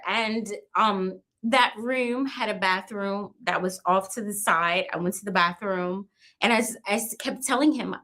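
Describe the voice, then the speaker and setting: A woman in her fifties giving an emotional personal account as an interview guest, halting and restarting, often repeating small tags. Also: mid-range voice, fairly bright tone. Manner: halting, restarts and repeats "you know what I mean".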